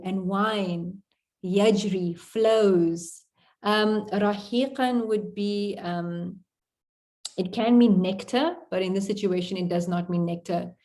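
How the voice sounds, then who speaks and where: A woman's voice: medium pitch, creaky, dark tone. A woman teaching an Arabic poem to a class on a video call, explaining it word by word in a chatty way. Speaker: Arabic tutor. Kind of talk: online class.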